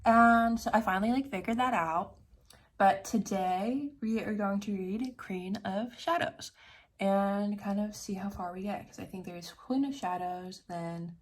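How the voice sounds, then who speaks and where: A young woman in her twenties chats to her camera in a relaxed vlog. She rambles from one thing to the next. She fills her sentences with "like" as she goes. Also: medium pitch, a little slow. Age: 20s. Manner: chatty, rambling, lots of "like". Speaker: vlogger. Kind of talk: casual vlog chat.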